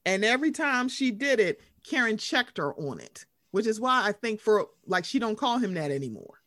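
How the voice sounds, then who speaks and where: A woman chats casually, dishing gossip and acting out the people she quotes. Her voice sits a bit high and swings widely in pitch, recorded close and dry. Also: moderate pace, no echo. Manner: animated gossip, acts out quotes. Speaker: podcast co-host. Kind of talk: casual chat.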